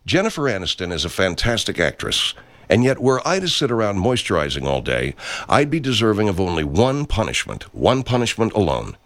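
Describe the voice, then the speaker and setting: A man's voice: lowish voice, sing-song, brisk, a bit bright. A man in a studio recording pompous self-help promos in an improvised comedy sketch.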